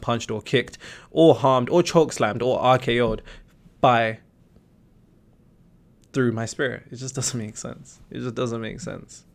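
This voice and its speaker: A young man with a West Midlands accent hosting a casual livestream, answering chat in a blunt, slangy way with casual swearing. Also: medium pitch. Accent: West Midlands English. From West Midlands, England.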